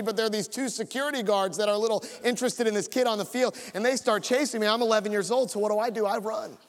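Male pastor, higher voice, storytelling sermon, long church-hall reverb. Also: steady tone, fast, hardly any pauses. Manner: storytelling, builds to an altar call. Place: church sanctuary.

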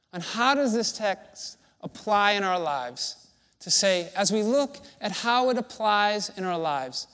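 A male pastor delivering a sermon in a fairly high voice. He speaks slowly and deliberately, leaning on pauses to let each phrase land. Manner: slow, deliberate preaching with emphatic pauses.

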